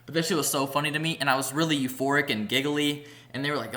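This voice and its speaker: A man's voice: mid-range voice, steady tone, fairly quick, few pauses, sharp tone. A young man vlogger telling a rambling, profane story in a casual storytime vlog, packed with "like" fillers. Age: young adult.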